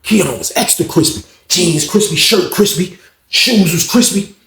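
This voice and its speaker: In an unhurried, high-sitting voice with vocal fry, a young man animatedly recounts a jailhouse story, slangy and loose, performing other people's lines. It's recorded in an echoey room with a little background noise.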